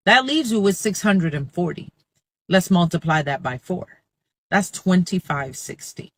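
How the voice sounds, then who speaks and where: A man's voice: high-pitched, fairly bright tone. A man explaining wage arithmetic step by step in a matter-of-fact way. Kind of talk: explanatory talk to camera.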